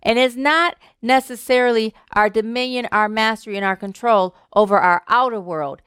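A woman minister preaches to her congregation in a smooth, clear voice. She speaks in an animated way, repeats words for emphasis and laughs easily. The sound is dry and close to the mic. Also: a little high, normal speed, no room sound. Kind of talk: sermon with a humorous story.

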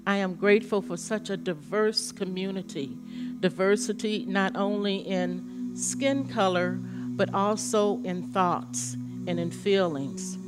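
A woman's voice: mid-range voice, slow pace, music in the background. A woman in church leading a spoken gratitude prayer, meditative and repetitive.

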